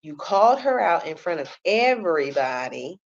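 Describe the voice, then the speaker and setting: A woman's voice: fairly low pitch, big pitch swings, normal speed, creaky, muffled recording. A woman giving a blunt, sassy commentary on a reality show, keeps tagging her points with "okay?". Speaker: reality TV reviewer. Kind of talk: casual commentary.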